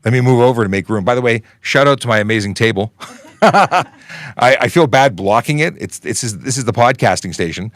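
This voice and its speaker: A man's voice: medium pitch, lively intonation, normal speed, fairly bright tone, dry recording. A man in his forties, from Canada, hosting a casual police Q&A livestream in a chatty, upbeat way with rambling asides. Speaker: livestream host, police constable.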